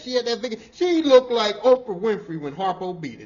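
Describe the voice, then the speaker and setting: A man hosting a podcast, telling a work story in a casual, animated, profane way and often repeating himself. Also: high-pitched, fairly quick, few pauses, lo-fi sound. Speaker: podcast host.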